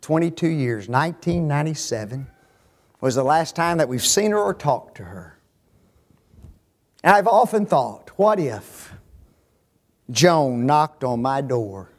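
Preaching in a high, animated voice, a man swings between hushed asides and shouted emphasis, pressing his congregation with rhetorical questions. He takes his time, leaving long pauses.

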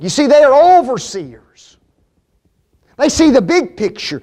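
A man preaching a sermon, stressing key words slowly and asking the congregation questions. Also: high voice, very animated.

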